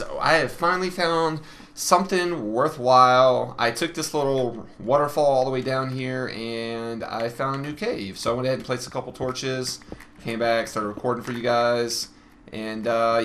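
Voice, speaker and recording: A man's voice: medium pitch, pushed and bright, a little hiss or hum. A man giving casual let's-play commentary, frustrated and swearing, talking straight to his viewers. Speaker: gaming channel host.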